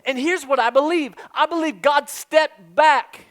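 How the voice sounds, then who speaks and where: A male pastor preaching a sermon emphatically, repeating a key phrase and swinging from loud, raised delivery down to a hushed, quiet tone. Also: extremely high pitch, a little slow.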